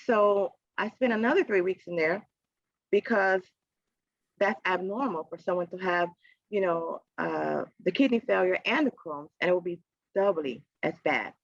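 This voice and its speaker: A woman, a podcast guest, telling a personal story in a casual interview. She acts out the voices in her story with big jumps in pitch and often laughs as she talks. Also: moderate pace, vocal fry, no room sound. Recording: dry, slightly dull podcast audio.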